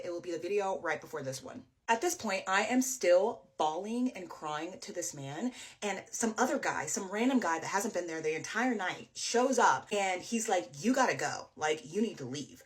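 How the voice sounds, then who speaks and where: A woman's voice: lowish voice, fairly bright tone. Woman telling a tense story, casual. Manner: emotional, fast, filler-heavy retelling. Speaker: storyteller guest.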